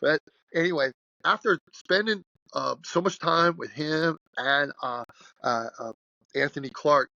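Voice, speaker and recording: Gravelly, bright-voiced man in his sixties. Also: a little high, measured pace, dry recording, dull audio. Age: 60s. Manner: blunt, animated storyteller. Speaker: strength coach guest. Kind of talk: podcast interview storytelling.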